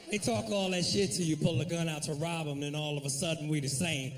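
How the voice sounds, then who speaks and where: A man doing a profane, animated stand-up routine, talking straight to the crowd at a comedy club. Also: a little high, fairly quick, few pauses, distant mic.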